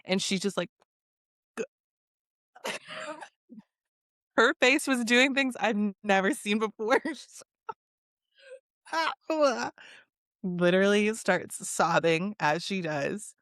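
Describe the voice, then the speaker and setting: A woman's voice: medium pitch, measured pace, hardly any pauses, dry recording, clean studio sound. A woman hosting a podcast, chatting casually and acting out other people's lines with swearing and bursts of laughter. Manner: animated, acts out quotes with swearing and laughter. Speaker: podcast host. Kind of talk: casual reality TV recap chat.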